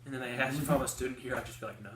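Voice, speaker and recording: A man's voice: mid-range voice, rapid-fire. A young man co-hosting a podcast, rambling through casual stories in a chatty way, full of fillers. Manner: rambling, chatty storytelling with many likes. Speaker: podcast co-host. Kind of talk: casual chat. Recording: roomy sound from a distant mic with faint hiss.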